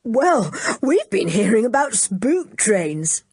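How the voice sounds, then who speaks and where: A woman voicing a confident, cheerful teenage boy who talks in a brisk, reassuring, hearty way in a storybook reading. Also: fairly high pitch, big pitch swings, a little mellow, slightly rough, no echo, pitched above the performer's own voice, heavily acted.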